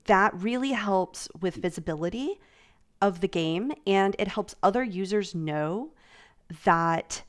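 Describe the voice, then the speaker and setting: A woman's voice: medium pitch, lively intonation, slow. A woman hosting a convention panel in casual chat, rambling with fillers and restarts. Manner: chatty, trailing off, many fillers and restarts. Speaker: panel host.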